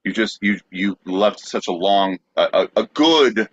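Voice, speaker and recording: A man's voice: lowish voice, lively intonation, a little slow, breathy edge, no room sound. A man co-hosting a podcast, teasing in casual banter over a video call. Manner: playful, teasing. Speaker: podcast co-host. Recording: dull, muffled dry sound.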